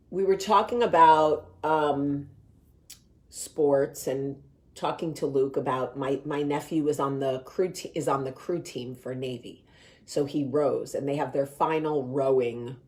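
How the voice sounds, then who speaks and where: A woman with a New Jersey accent hosts a casual talk show and tells stories in a chatty, animated way. Her speaking voice sits low. She swears freely and laughs at her own stories. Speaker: show host. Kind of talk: casual storytelling chat.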